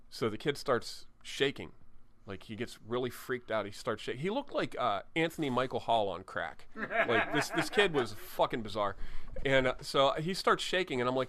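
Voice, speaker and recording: A man's voice: medium pitch, sing-song, normal speed, a bit bright. A tattoo artist telling candid, profane stories from his shop in an interview, often restarting his sentences. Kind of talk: storytelling in an interview. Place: tattoo studio.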